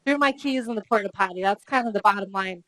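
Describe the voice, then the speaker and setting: A woman's voice: medium pitch, quick pace, no echo, low-quality recording. A middle-aged woman running a live customer service training workshop, telling stories and asking the room questions. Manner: lively storytelling, asks the room questions.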